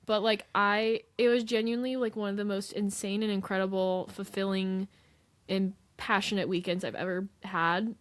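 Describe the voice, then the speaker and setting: A woman's voice: mid-range voice, flat delivery, moderate pace. A young woman, co-hosting a podcast and telling an emotional story in casual chat. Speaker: podcast co-host.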